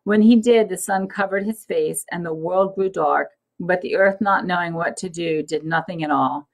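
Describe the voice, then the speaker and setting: A woman's voice: lowish voice, normal speed, lightly acted, rough recording. A woman voicing the south wind, patiently explaining to the mountain.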